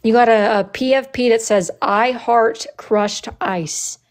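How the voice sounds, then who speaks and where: A woman's voice: fairly high pitch, steady tone, slow pace. Sassy young woman chatting on a live stream, reading comments, goes big and dramatic. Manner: sassy, reads viewer comments aloud; dramatic playful rants. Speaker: livestream host. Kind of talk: casual livestream chat.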